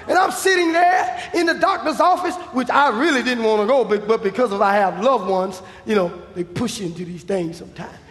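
Male preacher, very high and gravelly, shouting sermon, echoey church hall. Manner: shouting, emphatic, acts out dialogue. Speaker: evangelist preacher.

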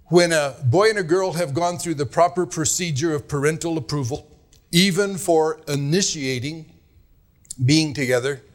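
Earnest preacher man, slightly high voice. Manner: earnest, admonishing, drawn-out emphasis. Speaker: pastor. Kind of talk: sermon.

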